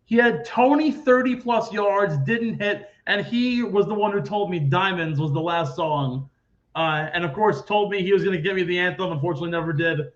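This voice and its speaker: High-voiced young man hosting a podcast. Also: moderate pace, lo-fi sound. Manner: chatty storyteller, swears freely. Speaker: podcast host. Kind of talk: casual sports podcast chat.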